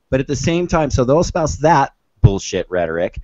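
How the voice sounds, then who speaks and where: A man's voice: medium pitch, very animated, a little fast, a little mellow, dry recording, dull audio. A man hosting a casual political podcast, talking in long rambling runs with many restarts. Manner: rambling, lots of fillers and restarts. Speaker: podcast host.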